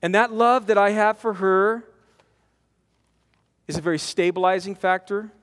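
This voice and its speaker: A man in his forties preaching a conversational sermon to a men's conference, animated, acting out quotes and repeating words as he presses his points. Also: sits high, unhurried. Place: large conference hall. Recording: long hall reverb from a conference.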